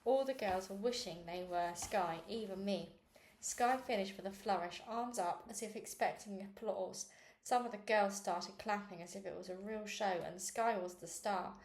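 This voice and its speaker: A woman reading a children's novel aloud, with small slips and restarts, raising her pitch for the girls' quoted lines. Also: moderate pace, a little mellow. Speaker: reader. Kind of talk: read-aloud book narration. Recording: echoey room with faint noise.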